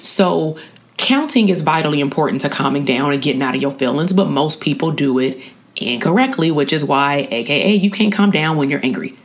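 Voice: mid-range voice, expressive, brisk. An educator giving a casual spoken lesson on coping skills, talking in a slangy, conversational way and often checking in with the listener. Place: at a college.

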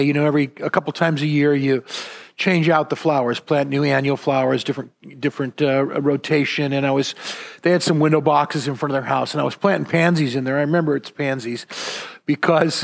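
Speaking fairly quickly in a higher-than-average voice with vocal fry, this man preaches casually as a pastor. His sermon drifts through personal stories, softened by self-deprecating humor and frequent fillers and false starts.

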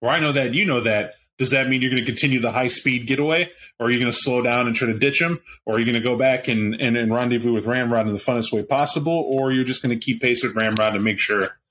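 A man's voice: medium pitch, fairly even intonation, quick pace, few pauses, a bit bright, slight background noise. A man narrating a tabletop role-playing game as game master, in a casual, rambling way.

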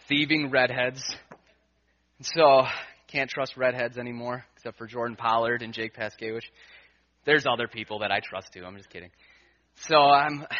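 Pastor guy preaching, bright tense voice, dips quiet then gets loud acting out his own thoughts, kinda muffled lo-fi recording. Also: medium pitch. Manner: storytelling, acts out his own inner voice, swings from hushed to emphatic. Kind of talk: sermon with personal story. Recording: dull lo-fi sound.

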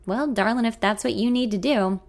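A woman voicing a charming, smooth-talking male songwriter who sweet-talks with pet names in a story reading. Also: on the high side, brisk, natural voice. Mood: soft coaxing. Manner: coaxing, sweet-talking, calls her honey and darling.

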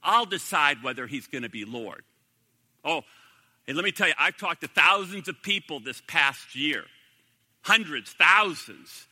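A man's voice: a little high, animated, unhurried, sharp tone, big-room sound. A man preaching a sermon as pastor, emphatic and repeating his key phrases.

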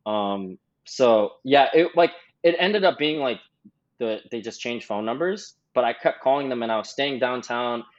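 A man's voice: mid-range voice, normal speed. Young man rambling in a dull lo-fi recording. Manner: rambling, heavy on "like". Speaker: podcast guest. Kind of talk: casual storytelling chat. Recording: slightly dull lo-fi sound.

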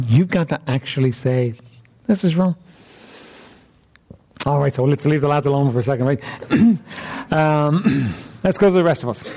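A man's voice: a little high, expressive, moderate pace, long pauses, dark tone. A man preaching an interactive sermon, repeatedly questioning his listeners with emphasis.

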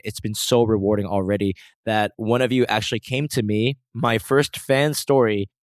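A man's voice: lowish voice, no room sound. A man hosting a solo podcast, joking at his own expense, then turning earnest. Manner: self-mocking, playful and earnest in turns. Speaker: podcast host. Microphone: close podcast mic.

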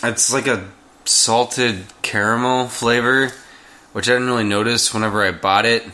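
A man's voice: mid-range voice, steady tone, moderate pace, bright, forceful tone. A man co-hosting a casual podcast, teasing his friend in dry banter. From Tennessee. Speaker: podcast co-host. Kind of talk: casual chat.

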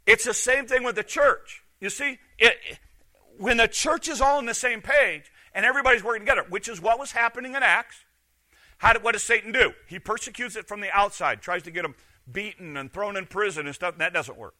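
A middle-aged man, a pastor, preaching a sermon with emphatic rhetorical questions that swing from loud to hushed. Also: high-pitched, brisk.

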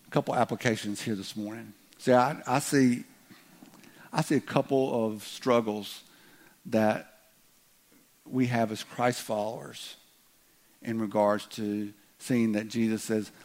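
A man preaching a sermon in a conversational way, with joking asides and loud acted outbursts. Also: fairly low pitch, steady tone, measured pace, long pauses. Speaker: pastor.

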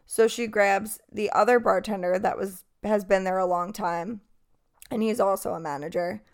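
A woman's voice: medium pitch, fairly even intonation, moderate pace. A young woman in her twenties, a bartender and podcast host, telling a story in a casual, profane, exasperated way.

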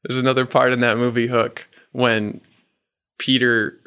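A man coaching a men's group in a faith talk, earnest and gentle, reading out the men's answers and slowing down for the words he quotes. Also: mid-range voice, flat delivery, clear, resonant tone.

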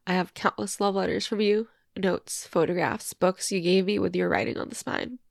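Tearful young woman with a gravelly voice. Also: mid-range voice, steady tone, moderate pace, dry recording, clean studio sound. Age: 20s. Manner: emotional, candid, swears. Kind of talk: reading a letter and reflecting aloud.

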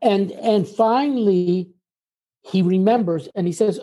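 Warm and mellow instead of bright, this older American man's high-pitched voice carries him through a relaxed interview as a guest. He takes his time explaining, weaving in small anecdotes as he tells his stories conversationally.

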